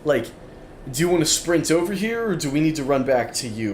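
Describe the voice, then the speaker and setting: A man's voice: on the high side, big pitch swings, fairly quick, darkish tone. A tired, yawning man streaming a game, chatting casually and self-deprecatingly, repeating his phrases as he plays at his desk. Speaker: gaming streamer. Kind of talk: casual let's-play commentary. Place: room at a gaming desk with monitors. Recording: roomy sound with background noise.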